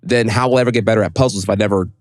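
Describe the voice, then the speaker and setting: A man as a guest on a podcast, telling animated stories in casual chat and swearing freely. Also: on the low side, no room sound. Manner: fast, animated storytelling with lots of swearing.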